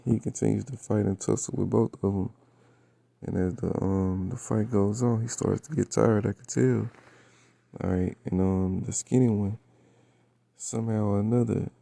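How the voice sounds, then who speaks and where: A man with a raspy voice, just woken up, casually retelling a dream in slangy, profane storytelling full of fillers. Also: fairly low pitch, warm tone, no room sound. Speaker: vlogger recounting a dream.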